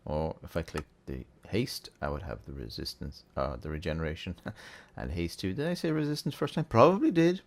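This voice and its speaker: A man hosting a relaxed, chatty game tutorial, thinking aloud as he plays. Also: very deep voice, fairly quick, gravelly. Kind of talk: casual gameplay tutorial.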